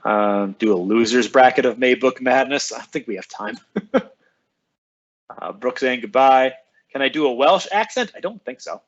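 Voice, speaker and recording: An upbeat male school librarian chats on a live stream, reading out viewers' names and answering their comments one by one. His voice sits at an ordinary middle pitch. The sound is slightly dull and lo-fi. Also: animated, normal speed. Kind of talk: casual live-stream chat with students.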